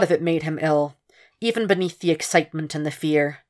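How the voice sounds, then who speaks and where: Low-voiced woman reading fan fiction. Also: a little fast. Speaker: podfic reader. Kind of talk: fan fiction audiobook narration.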